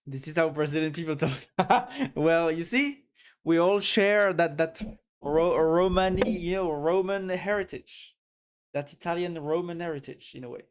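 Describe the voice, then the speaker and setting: French guy streaming, kinda high voice, slow and rambly, just chatting with chat. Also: clear, resonant tone. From France. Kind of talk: casual live-stream chat.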